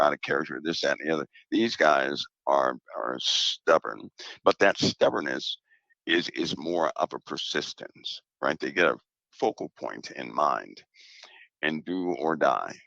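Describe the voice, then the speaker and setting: A man with an extremely low, gravelly voice speaks as a guest, steady and emphatic. He repeats his key points for weight. The sound is dry and a little dull. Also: moderate pace, dry recording. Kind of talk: casual talk on a show.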